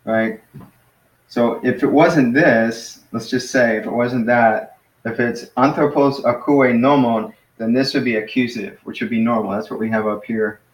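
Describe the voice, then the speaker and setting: A man teaching a small Greek class in a casual way, explaining step by step and patiently, with many pauses and fillers. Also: mid-range voice, steady tone. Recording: echoey room.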